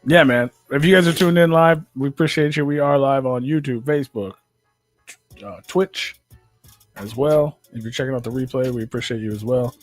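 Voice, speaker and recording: A man hosting a live talk stream, relaxed as he thanks viewers and welcomes a guest. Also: mid-range voice, moderate pace, no echo, soft background music. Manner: laid-back, plugs the stream and hypes guests. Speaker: show host.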